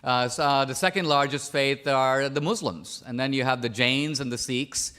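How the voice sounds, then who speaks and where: A man's voice: mid-range voice, normal speed, pushed and bright. A man from India, a debater making pressing, argumentative points on a stage in a large auditorium. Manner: pressing, argumentative, quotes opponent's words back.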